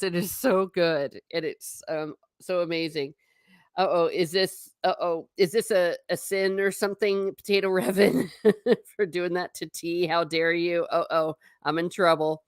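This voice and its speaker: In clean, echo-free studio sound, a woman travel vlogger chats casually on a live stream, reading comments from her viewers. Her mid-range voice has a fairly bright tone, and she giggles and teases herself.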